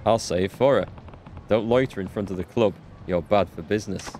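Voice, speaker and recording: A man's voice: lowish voice, fairly quick, warm tone, slight background noise, close to an everyday voice. A man reading as a dry, blunt male brawler. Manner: dry, matter-of-fact. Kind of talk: reading game subtitles aloud.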